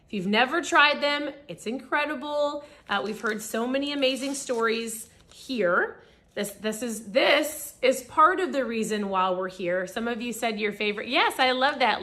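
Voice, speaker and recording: A woman in her forties, hoarse and raspy, chatting upbeat and motivational as host of a live stream. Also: a little high, bright, forceful tone. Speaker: podcast host. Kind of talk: casual live-stream chat.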